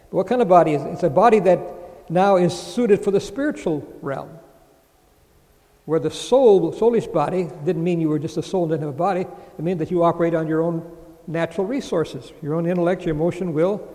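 A man's voice: a little high, brisk, dark tone, big-room sound. A man teaching a sermon, reading scripture aloud and explaining it verse by verse. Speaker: Bible teacher.

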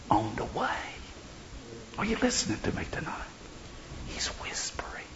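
Gravelly, unhurried male preacher. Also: medium pitch, slight background noise. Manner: swings from shouts to whispers. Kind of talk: revival sermon. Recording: dull lo-fi recording.

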